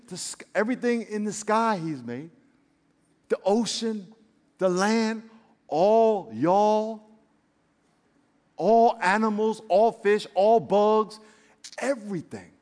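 A man preaching a sermon to his congregation, animated and joking, calling them y'all and acting out little voices. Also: high-pitched. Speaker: pastor. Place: church. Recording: long reverb of a large hall.

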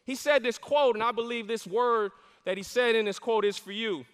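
A middle-aged male pastor preaching in a high, bright, crisply resonant voice. He delivers the sermon with emphatic fervor and calls out to the congregation. His voice rings with the long reverb of a large church hall. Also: normal speed. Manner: fervent, emphatic preaching with call-and-response.

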